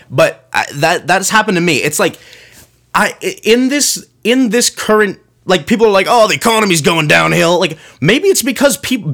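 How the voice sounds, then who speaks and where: A young man talks through a solo comedic rant, his voice pitched a little high and leaping widely as he gets worked up. He rambles, restarts and drops into mocking voices for the people he quotes, sarcasm running through it all. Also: a bit bright. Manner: frequent restarts and fillers, building exasperation. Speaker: podcast host.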